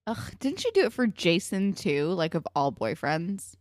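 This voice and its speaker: A woman's voice: fairly low pitch, sing-song, normal speed, no room sound, studio quality. A young woman co-hosting a casual podcast, blunt and exasperated, swearing freely as she vents. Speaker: podcast co-host. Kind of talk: casual chat.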